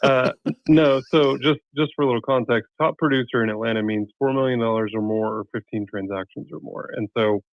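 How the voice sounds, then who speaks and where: A man's voice: mid-range voice, fairly even intonation, brisk, no room sound, dull audio. A man chatting as a podcast guest, loose and rambling with fillers. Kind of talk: casual chat.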